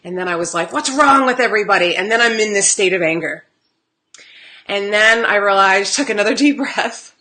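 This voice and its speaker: Female spiritual card reader, live-stream host; bright tone, casual and animated, laughs easily. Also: medium pitch, moderate pace. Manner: chatty, animated storytelling with laughs. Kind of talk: live-stream chat with viewers.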